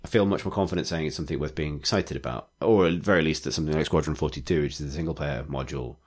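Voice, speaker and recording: A man's voice: a bass voice, rapid-fire. A man co-hosting a podcast, chatting in a rambling, enthusiastic way with lots of fillers. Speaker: podcast co-host. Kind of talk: casual chat.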